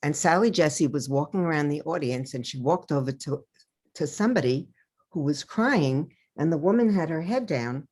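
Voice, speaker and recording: An older woman with a low voice tells personal stories as an interviewed author. She tells them in a lively way and acts out the voices of the people she quotes. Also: normal speed. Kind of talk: storytelling interview over video.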